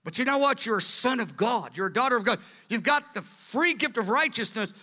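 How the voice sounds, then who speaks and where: A man preaching a sermon with earnest, animated delivery, in a large hall. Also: very high-pitched, brisk. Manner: earnest, acts out quoted voices. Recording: long hall reverb.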